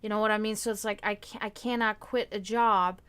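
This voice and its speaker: A woman's voice: medium pitch, steady tone, fairly quick, a bit bright, clean tone. A woman hosting a livestream with a slight German accent, chatting in a rambling way with restarts. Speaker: stream host. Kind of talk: casual chat on a livestream.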